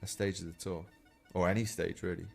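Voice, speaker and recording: A man with a fairly low voice chats casually on a podcast, telling stories from professional cycle racing. He speaks in a relaxed, anecdotal way and often chuckles at his own tales. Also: brisk, gravelly, faint music behind. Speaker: professional cyclist, podcast regular.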